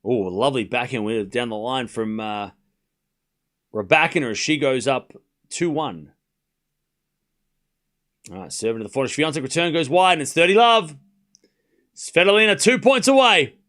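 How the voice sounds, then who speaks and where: A man hosting a live tennis watchalong stream, calling points play by play with casual joking asides and shouting on big moments. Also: mid-range voice, normal speed, long pauses. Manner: excitable, shouts on big points, chatty and joking between rallies.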